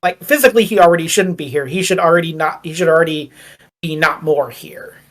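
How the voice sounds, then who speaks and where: A woman's voice: low voice, brisk. A woman running a tabletop game as game master, narrating in a rambling, wry way full of fillers.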